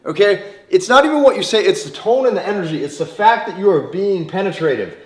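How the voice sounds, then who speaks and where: A man giving a forceful, repetitive dating lecture, swearing freely. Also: high voice, animated, fairly quick. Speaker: dating coach. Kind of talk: motivational lecture to camera. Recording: roomy echo.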